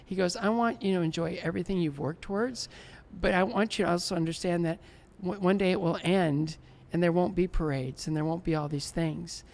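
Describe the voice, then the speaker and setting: Brief: man, 60s, gravelly voice, lively interview storyteller who acts out the dialogue. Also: high voice, fairly quick. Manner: animated, laughs often, acts out remembered dialogue. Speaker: guest, former Olympic figure skater.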